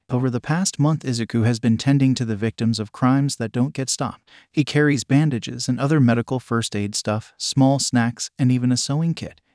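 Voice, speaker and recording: A man's voice: medium pitch, darkish tone, dry recording, studio quality. A man narrating a fan-fiction story aloud in a literal, plain reading manner.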